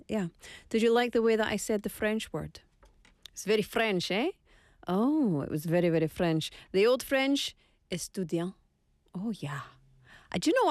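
A woman's voice: medium pitch, no room sound. A Scottish woman hosting a radio show in a studio, chatting playfully and teasing herself as she goes. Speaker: radio host. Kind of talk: casual radio chat.

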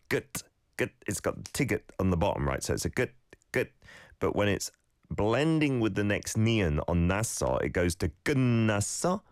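Deep-voiced man hosting a radio lesson. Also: no room sound, clean studio sound. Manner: lively, encouraging, explains pronunciation. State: slight cold, sneezing. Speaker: radio host and Korean language teacher. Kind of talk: radio lesson with listener clips. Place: studio.

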